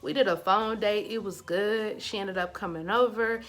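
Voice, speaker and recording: Woman vlogger, casual storytime delivery, animated and talkative, mid pitch. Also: moderate pace.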